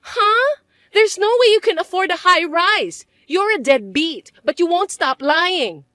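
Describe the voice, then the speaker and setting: A woman voicing a scheming, entitled sister-in-law who talks in a sneering, shrill way. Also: big pitch swings, a little slow, a bit bright, dry recording, full character voice. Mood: scornful. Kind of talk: dramatized story dub.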